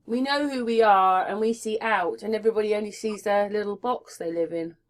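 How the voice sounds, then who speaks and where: A woman runs a relaxed interview at a medium pitch. She agrees often and prompts with short questions. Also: fairly quick. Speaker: host. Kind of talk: casual interview.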